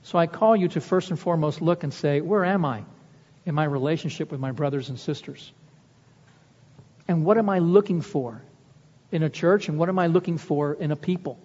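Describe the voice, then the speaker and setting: A male pastor delivering an impassioned sermon to his congregation, pushing his voice up higher and louder to drive points home. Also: normal speed. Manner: impassioned, rising in pitch and volume to press points. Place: church sanctuary. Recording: long church reverb, dull lo-fi sound.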